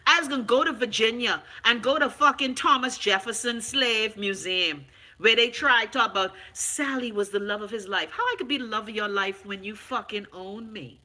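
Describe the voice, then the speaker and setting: A woman's voice: fairly high pitch, normal speed, pushed and bright. A middle-aged Bahamian woman ranting on her vlog, sarcastic, profane and emphatic. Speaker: vlogger. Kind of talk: unscripted vlog rant.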